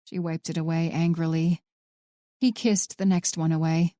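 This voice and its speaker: A woman narrating a thriller audiobook in a measured, even storytelling manner. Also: deep voice, dry recording, clean studio sound.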